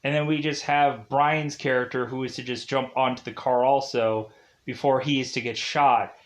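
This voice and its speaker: A man's voice: mid-range voice, fairly even intonation, moderate pace. Rambling young man recapping a movie. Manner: rambling, heavy use of "like" and "uh".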